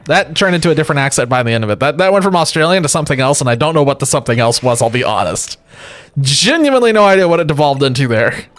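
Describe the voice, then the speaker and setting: A man's voice: fairly high pitch, lively intonation, fast talker, fairly bright tone, no room sound. An exhausted man streaming from home, rambling and joking in casual chat with his viewers. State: exhausted from lack of sleep. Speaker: livestreamer. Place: home streaming setup with a webcam.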